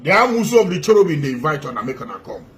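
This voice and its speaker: A man's voice: a little high, big pitch swings, very fast, fairly bright tone. Impassioned man speaking Nigerian Pidgin. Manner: impassioned, emphatic, repetitive. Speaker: activist.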